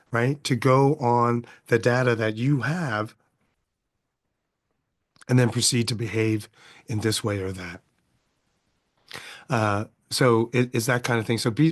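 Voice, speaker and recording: A middle-aged man hosting his own podcast, talking through a casual monologue full of rhetorical questions and tags of "right?". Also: medium pitch. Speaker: podcast host.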